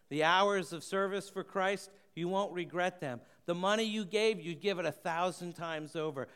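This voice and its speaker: An earnest pastor preaches to his congregation. His voice is smooth and resonant, sitting a little high for a man. He often slows and lets his voice fall quiet to press a point home. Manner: earnest, slows and softens for emphasis. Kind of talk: sermon.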